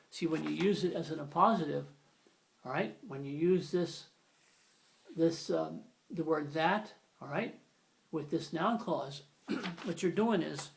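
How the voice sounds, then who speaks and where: A man's voice: fairly high pitch, creaky. A man giving an informal, rambling grammar lesson, often correcting himself as he explains. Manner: rambling, self-correcting, conversational. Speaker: grammar teacher.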